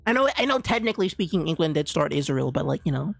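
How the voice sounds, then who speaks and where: Gravelly streamer ranting mid-game, keeps restarting sentences, dry sound. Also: mid-range voice, sing-song, quick pace, no echo. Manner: ranting, repetitive restarts, slangy. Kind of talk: casual live gaming stream chatter. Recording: dry close mic with faint game music.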